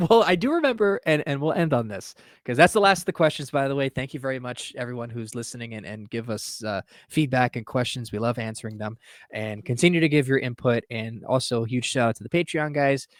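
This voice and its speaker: A man hosting a sports podcast in casual chat, animated and laughing often. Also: mid-range voice, fairly quick, no echo, clean studio sound. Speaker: podcast host.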